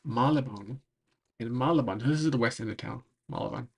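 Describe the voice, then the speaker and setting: Husky, gravelly man losing his voice. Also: mid-range voice, a little fast. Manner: rambling, full of "like" and "um". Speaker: streamer. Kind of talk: casual recap while browsing a map.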